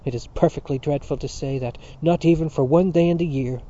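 A man's voice: on the high side, fairly quick, warm tone, close to an everyday voice. Male reader doing a tired pleading mother, muffled lo-fi sound. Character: weary, gentle mother pleading for peace.

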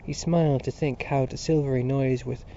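Man reading an old novel, flat and mellow, kinda muffled lo-fi audio. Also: medium pitch. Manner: measured, even storytelling. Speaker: narrator. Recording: dull lo-fi audiobook recording with faint hiss.

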